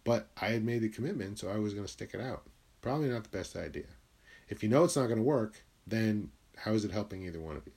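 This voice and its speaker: A young man from Connecticut talking candidly about his life in a blunt, confessional way. He swears freely and sometimes drops into quiet, low asides. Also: expressive, quick pace, vocal fry, breathy edge. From Connecticut, USA. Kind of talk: candid personal monologue.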